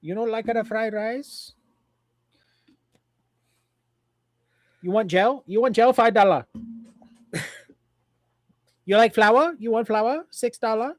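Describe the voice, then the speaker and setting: A man's voice: high-pitched, a little slow, pauses often, dry recording, pitched above the performer's own voice. A man putting on a pushy broken-English food vendor.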